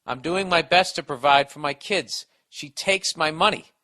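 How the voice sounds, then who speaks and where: A middle-aged man hosts a comedy podcast alone, with a bright, forward voice. He rants, swears and mocks, sounding exasperated while he hands out blunt advice. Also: fairly high pitch, normal speed. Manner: profane, exasperated, sarcastic ranting. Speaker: podcast host giving advice. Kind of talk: ranting comedic podcast monologue.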